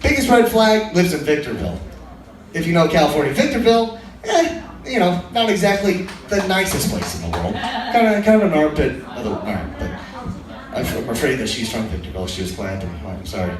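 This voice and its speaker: A man's voice: a little high, expressive, fairly quick, a crowd in the background. A young man doing a casual, profane, self-deprecating stand-up set in a small comedy room. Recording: very echoey room, voice from far off, faint noise.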